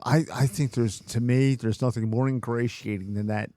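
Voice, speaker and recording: Male podcast co-host, Philadelphia accent, mid pitch, jokey, dry close-miked sound. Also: steady tone, moderate pace, mellow, no echo. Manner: joking, laughs often, mimics accents. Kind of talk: casual chat.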